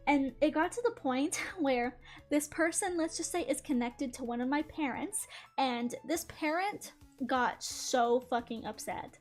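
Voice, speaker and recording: Young woman, high voice, chatty storytime, fillers of "like", faint music underneath. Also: animated, darkish tone. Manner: chatty, fillers of "like", quick retelling with laughs. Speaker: channel host. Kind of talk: casual storytime while drawing.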